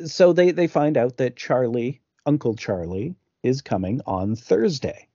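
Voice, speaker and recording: Rambling man with a dark, dull sound. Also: mid-range voice, animated, unhurried, no room sound. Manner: rambling, full of fillers and restarts. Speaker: podcast co-host. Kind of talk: casual film discussion.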